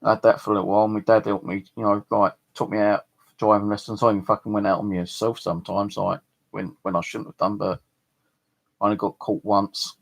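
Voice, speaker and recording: Gravelly man with a southeast English accent. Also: lowish voice, flat delivery, a little fast. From southeast England. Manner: rambling, swears freely, many fillers. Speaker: channel host. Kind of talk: casual storytelling to camera.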